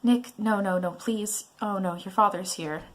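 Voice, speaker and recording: A woman's voice: medium pitch, measured pace, close to an everyday voice. A woman reading a prying, controlling mother. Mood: reproachful. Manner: nagging, guilt-tripping.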